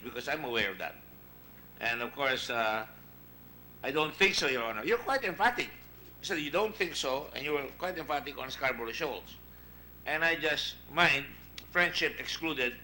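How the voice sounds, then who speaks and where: Emphatic Filipino senator, bright voice. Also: male voice, mid-range voice, a little hiss or hum, rough recording. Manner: emphatic, digressive, reads out past exchanges. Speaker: senator chairing a committee hearing. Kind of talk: formal hearing questioning. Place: senate hearing room.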